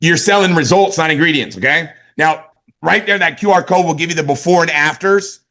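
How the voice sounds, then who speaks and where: A man giving an energetic motivational sales training, talking conversationally and often checking that his listeners follow him. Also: fairly high pitch, a little fast. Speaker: network marketing sales trainer.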